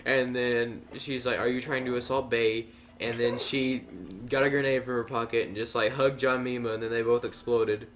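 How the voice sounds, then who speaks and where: A man's voice: medium pitch, flat delivery, normal speed, hardly any pauses, slight background noise. A young man telling an absurd made-up story in a casual comedy chat, rambling and giggling as he goes. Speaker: co-host.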